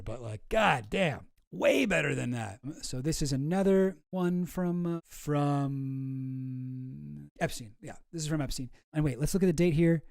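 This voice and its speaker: A man's voice: on the high side, vocal fry, a little mellow, no echo, studio quality. A man hosting a casual commentary, reading messages aloud with sarcasm, laughter and swearing. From outside the US. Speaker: commentary host.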